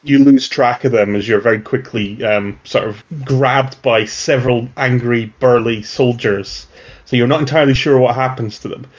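A man's voice: mid-range voice, steady tone, moderate pace, breathy edge, lo-fi sound. A man narrating a tabletop game as game master, rambling and chuckling between lines. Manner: rambling, with fillers and restarts.

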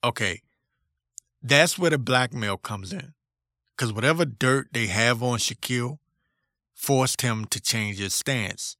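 A man's voice: mid-range voice, slow, long pauses, pushed and bright, dry recording, studio quality. A man hosting a solo podcast, ranting in a blunt, profane, combative way. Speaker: podcast host.

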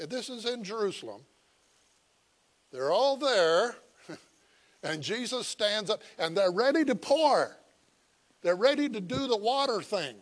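A man preaching a sermon, folksy and chuckling, moving from quiet asides to loud, emphatic cries as he tells the story. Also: high-pitched. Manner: folksy, chuckling, with halting fillers. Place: visiting church.

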